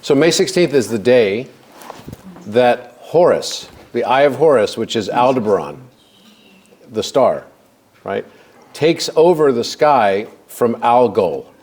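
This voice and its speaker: A man's voice: medium pitch, very animated, slow, darkish tone. A man casually telling stories and explaining ideas to a group, rambling with restarts.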